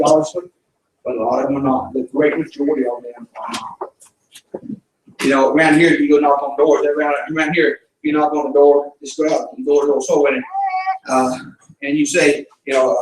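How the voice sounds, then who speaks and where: A man's voice: on the high side, a little hiss or hum. Southern missionary man preaching in an echoey church. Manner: folksy storytelling, fervent preaching. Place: church sanctuary. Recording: echoey church room from a distance.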